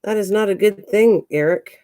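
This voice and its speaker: A woman's voice: moderate pace, warm tone. A woman hosting a casual live-stream chat with viewers, chatty and rambling. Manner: chatty, rambling, talks to her cats in a higher coaxing voice. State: out of breath.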